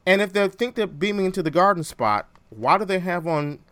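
A man hosts a casual podcast chat. His voice jumps around in pitch and has a bright, forward edge. He sounds animated and playful, and the recording is dry and close. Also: a little fast, no echo. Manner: animated, jokey, quotes lines from films. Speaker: podcast host.

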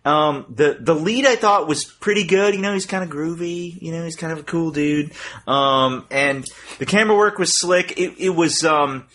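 A man's voice: on the high side, normal speed, fairly bright tone. A man hosting a film podcast, talking in a hesitant, reflective way with many ums and restarts. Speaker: podcast host. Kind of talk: casual film discussion.

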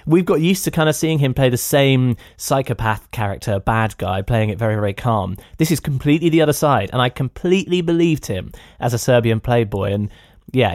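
A man's voice: medium pitch, a little mellow, dry recording, clean studio sound. A man hosting a podcast who reviews films in a chatty, enthusiastic way and talks directly to his listeners. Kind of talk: casual spoken film review.

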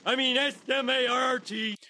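A dim cartoon dad bragging. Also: male voice, very high voice, fairly even intonation, bright, forceful tone, slight background noise, heavily acted. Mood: boastful. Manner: slow, sing-song, misspelling proudly. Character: dim-witted cartoon man boasting of smarts.

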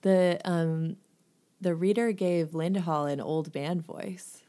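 A young woman co-host chats casually about a book in a low voice. She agrees readily with her partner and often restarts her sentences mid-thought. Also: steady tone, slow, mellow. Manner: agreeable, many yeahs and mm-hmms, hesitant restarts. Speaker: podcast co-host.

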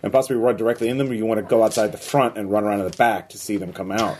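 A man narrating as game master of a tabletop game, talking loosely and haltingly with many fillers. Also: fairly low pitch, fairly even intonation, a little mellow, husky.

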